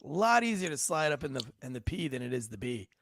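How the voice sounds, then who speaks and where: A man hosting a podcast, telling crude stories in casual, animated banter. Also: mid-range voice, quick pace, vocal fry, dry recording. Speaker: podcast host.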